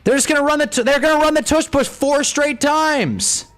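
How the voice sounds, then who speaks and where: A young man hosting a live stream, reacting to a football game in casual commentary, with swings from low muttering to loud frustrated outbursts. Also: moderate pace. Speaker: live-stream sports fan host.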